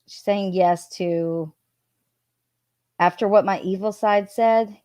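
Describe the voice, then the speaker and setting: A woman hosts a live stream, reading text messages aloud and commenting on them in a loose, chatty way. She talks slowly and breaks off now and then to warn misbehaving chatters. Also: medium pitch, fairly even intonation, mellow, no echo.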